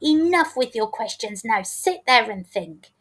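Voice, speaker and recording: A woman's voice: a little high, expressive, measured pace, fairly bright tone. A woman voicing an exasperated father scolding his child in a storybook.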